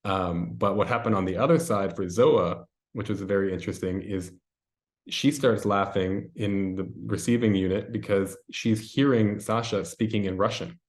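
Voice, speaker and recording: Man, very deep voice, casual interview guest, rambling, lots of "like" and "um". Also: fairly even intonation, normal speed. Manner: rambling, filler-heavy storytelling.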